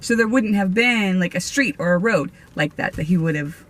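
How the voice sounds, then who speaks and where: A woman's voice: on the low side, expressive, normal speed, fairly bright tone. A woman vlogger casually telling her own ghost stories, rambling with many restarts and laughs. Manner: rambling, chatty, with frequent fillers, restarts and laughs. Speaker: vlogger and medium. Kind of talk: casual storytelling.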